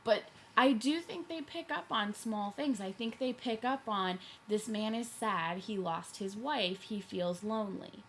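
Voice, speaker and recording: A woman who works as a teacher co-reviews a movie in casual chat, emphatic and animated as she tells stories. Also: mid-range voice, unhurried, few pauses, a little hiss or hum.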